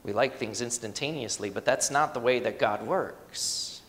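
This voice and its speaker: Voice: mid-range voice, normal speed, a bit bright, long reverb tail. A pastor preaching a sermon in a conversational, emphatic way, asking the congregation rhetorical questions.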